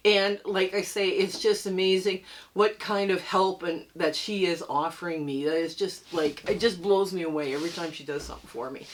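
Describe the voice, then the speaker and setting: A woman's voice: on the low side, steady tone, moderate pace, a little hiss or hum. An older woman from Canada hosting a quilting channel, chatting casually and upbeat with frequent laughs, a bit under the weather and coughing. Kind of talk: casual tutorial chat to camera.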